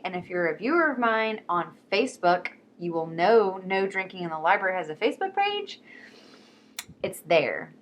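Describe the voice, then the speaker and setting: A woman talking casually and excitedly about books, quick and swearing freely. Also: on the high side. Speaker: book vlogger. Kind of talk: casual chat.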